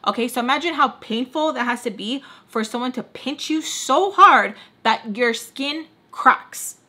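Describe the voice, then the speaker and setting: Bright-voiced young woman telling a story. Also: sits high, a little slow. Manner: chatty, filler-heavy with "like", animated retelling; drops Spanish phrases mid-story. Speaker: storytelling vlogger. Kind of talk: casual storytime.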